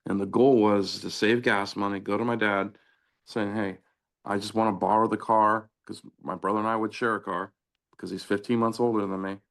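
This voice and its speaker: A middle-aged man with a low, gravelly voice, chatting casually as an interview guest. He tells anecdotes from his youth with energy and acts out each back-and-forth line of dialogue. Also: normal speed. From Southern California. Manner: animated anecdotes, acting out quoted dialogue. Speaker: interview guest, former pro soccer player. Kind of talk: casual storytelling.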